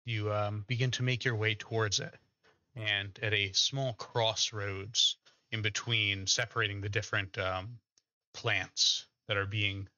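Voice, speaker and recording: A man narrating as game master of a tabletop game, pausing often with fillers. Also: fairly low pitch, fairly even intonation, bright, forceful tone, no room sound. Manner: hesitant, many filler pauses. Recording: dull lo-fi mic.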